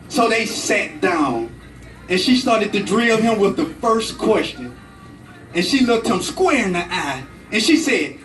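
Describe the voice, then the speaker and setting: Animated man telling a tall tale. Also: high voice, a little slow. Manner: dramatic, animated storytelling. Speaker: club speaker. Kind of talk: storytelling speech. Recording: echoey room, from far off, faint music.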